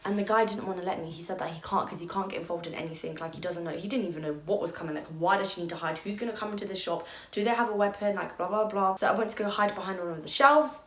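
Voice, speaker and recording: A woman's voice: medium pitch, quick pace, few pauses, fairly bright tone. A young woman telling a personal story on her vlog, candid and emotional, peppered with "like" and the odd swear. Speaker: vlogger. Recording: echoey room.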